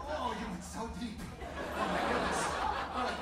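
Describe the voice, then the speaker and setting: Brief: high, bossy comic barking at the crowd, distant mic in an echoing hall. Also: male voice, animated, measured pace, heavy background noise. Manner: bossy, teasing, laughing between commands. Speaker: stage comedian doing crowd work. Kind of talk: live audience interaction. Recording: echoey hall from far off, loud crowd.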